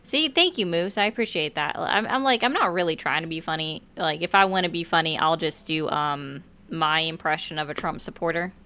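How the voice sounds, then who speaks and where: A woman in casual group conversation as a political commentator, joking and talking in quick asides. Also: low voice, animated, bright, forceful tone, clean tone. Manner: jokey, talks in quick asides with fillers. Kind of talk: casual group chat on a live stream.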